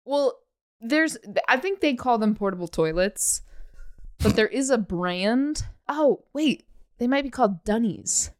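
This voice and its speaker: A woman co-hosting a podcast in casual chat, playful and quick to laugh. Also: a little high, animated. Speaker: podcast co-host.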